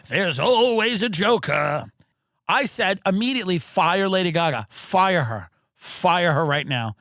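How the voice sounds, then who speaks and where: A man tears through a comedic rant, his pitch leaping high and dropping low as he mocks everyone around him. His voice is bright and cutting, recorded close and dry in a studio. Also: a little slow, no room sound. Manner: animated ranting, mocking voices for agents. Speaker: comedian and podcast host.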